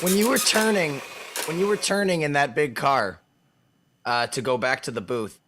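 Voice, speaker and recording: A man's voice: a little high, moderate pace, background noise. A man co-hosting a talk show, cutting in with incredulous jokes. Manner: incredulous joking interjections. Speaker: co-host. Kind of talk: casual chat.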